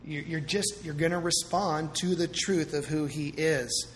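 Pastor, male, lively conversational sermon delivery; voice a touch high, church-hall reverb. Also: a little slow, slight background noise. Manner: conversational, animated preaching with asides.

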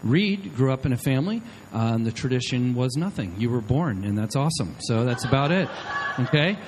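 A man's voice: mid-range voice, a little fast, a little hiss or hum, poor audio. A man preaching to a live audience into a handheld microphone, acting out the people in his stories. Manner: animated, acts out quotes of the people in his stories. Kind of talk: sermon storytelling to a live audience.

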